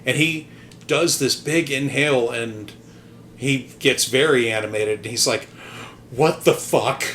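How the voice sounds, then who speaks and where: A man's voice: medium pitch, fairly even intonation, a little slow, a bit bright, slight background noise. A man hosting a podcast, telling a casual story in a rambling, hesitant way, full of ums and restarts, with some casual swearing. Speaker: podcast host.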